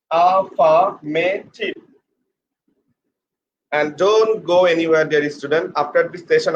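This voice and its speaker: Man teaching pronunciation, spelling words out. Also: a little high. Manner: slow, repeats words and spells them out letter by letter. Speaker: English teacher. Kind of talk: pronunciation lesson. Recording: slightly dull with faint background noise.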